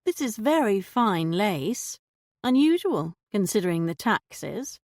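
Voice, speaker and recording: A woman's voice: medium pitch, big pitch swings, slow pace, darkish tone, no echo, clean studio sound. A woman voicing a shrewd young lady detective who questions a suspect with poised, pointed politeness. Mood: pressing.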